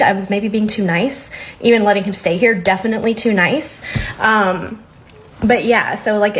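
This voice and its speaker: A woman's voice: fairly high pitch, low-quality recording. A young adult woman telling a story to her phone camera in a chatty, rambling way. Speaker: storyteller recounting a date.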